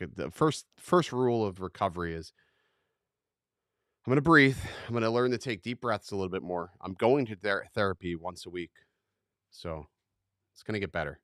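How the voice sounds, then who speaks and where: A young man hosting a livestream in casual chat, rambling and self-mocking, quick to get fired up. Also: sits low, expressive, fairly bright tone, dry recording, clean studio sound. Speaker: livestream host.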